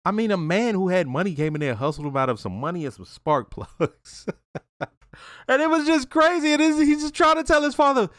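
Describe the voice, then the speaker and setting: A man's voice: high-pitched, very animated, normal speed, a bit bright, no room sound, clean studio sound. A man hosting a reaction video, casually reviewing a TV episode in a loose, profane, conversational way.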